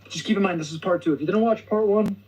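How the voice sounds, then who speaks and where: A man's voice: high voice, fast talker, distant mic, over a noisy crowd, low-quality recording. A young man hosting his video, retelling a story in a hesitant way that stutters and restarts. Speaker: video host. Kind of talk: storytelling vlog. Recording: video playing from across the room.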